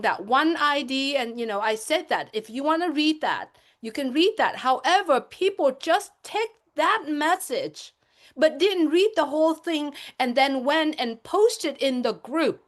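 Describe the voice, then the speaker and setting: A woman speaking as a panelist on a webinar, giving an impassioned, emphatic talk that circles back to its points. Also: high voice. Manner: emphatic, repetitive, lecturing.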